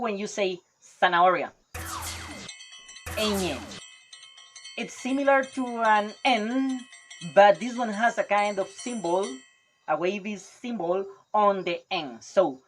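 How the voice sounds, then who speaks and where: A man's voice: sits high, fairly bright tone, slight background noise. A man from Costa Rica, a native Spanish speaker, giving a casual language lesson in English with a Costa Rican Spanish accent and loose, chatty, proud phrasing. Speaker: language teacher.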